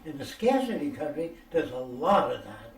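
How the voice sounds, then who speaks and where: A man's voice: fairly high pitch, big pitch swings, moderate pace. Blunt older man, echoey and far off. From United States. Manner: blunt and profane, keeps checking with "do you understand?". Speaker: speaker answering questions. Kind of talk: rambling lecture-style storytelling. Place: private room for a question session. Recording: echoey room, mic at a distance, faint ambience.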